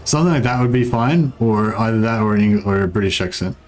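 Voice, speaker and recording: Talking quickly in a lowish voice over faint background music, an Australian streamer chats casually as he plays. The talk is rambling and full of swearing, and he often drifts off mid-thought.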